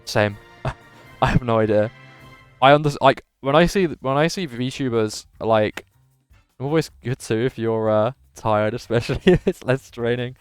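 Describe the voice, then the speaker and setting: A man calls a live video game tournament in a punchy, emphatic commentator voice and chats with his viewers between the plays. His voice sounds a little worn and strained. Faint music runs quietly underneath. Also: medium pitch, moderate pace, smooth, no room sound. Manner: animated commentator voice, says his voice is going. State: slightly strained voice.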